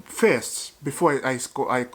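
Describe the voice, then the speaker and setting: A man's voice: mid-range voice, unhurried. Chatty man laughing through fan talk. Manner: chatty, laughs often, repeats words. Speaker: football fan channel host. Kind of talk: casual vlog commentary.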